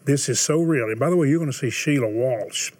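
An older man hosting a Christian TV talk show, steady and earnest, appealing to viewers in a preacher-like manner. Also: mid-range voice, fairly quick, no echo. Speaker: TV host.

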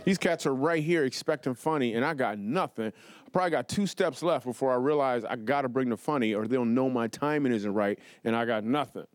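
A man doing stand-up comedy storytelling in a TV studio, animated and playful, with quick asides to the audience. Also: mid-range voice, no room sound. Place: television studio before a live audience.

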